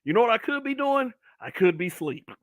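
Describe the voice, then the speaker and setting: A man's voice: very high voice, big pitch swings, fairly quick, fairly bright tone, no room sound. A middle-aged man hosting his own online broadcast, ranting bluntly and with heavy profanity. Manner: profane, blunt ranting with mocking put-on voices. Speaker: online talk show host. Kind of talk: brutally honest solo commentary broadcast.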